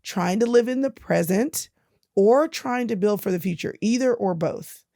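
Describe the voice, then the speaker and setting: A woman hosting an interview, talking in quick encouraging bursts as she sets up a question. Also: medium pitch, creaky, dark tone, dry recording, clean studio sound. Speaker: host. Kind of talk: casual interview chat.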